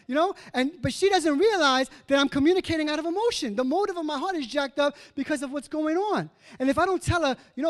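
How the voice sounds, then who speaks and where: A middle-aged male pastor giving a casual, animated sermon, acting out quoted asides. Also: extremely high pitch, fairly quick.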